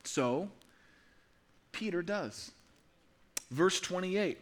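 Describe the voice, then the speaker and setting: A man preaching a sermon as pastor, animated, with humorous asides, his delivery swinging between loud emphasis and hushed softness. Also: sits high, drawn-out words. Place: church sanctuary.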